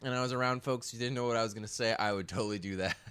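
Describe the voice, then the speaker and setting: A man sharing childhood memories in casual chat, laughing often and clearing his throat. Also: medium pitch, fairly even intonation, racing, a bit bright.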